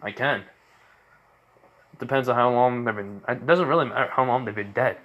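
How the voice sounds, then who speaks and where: A man's voice: medium pitch, normal speed, fairly bright tone, close to an everyday voice. Easygoing teen hero boy, casual offhand replies, read by a man in his own voice for a fan-made story. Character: teenage hero boy with phoenix powers, easygoing.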